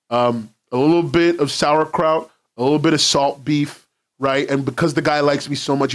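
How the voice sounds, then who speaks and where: A young man talks to his stream viewers from home, his voice sitting slightly high for a man. He rambles casually, swears freely and breaks into laughs often. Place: London, indoors at home.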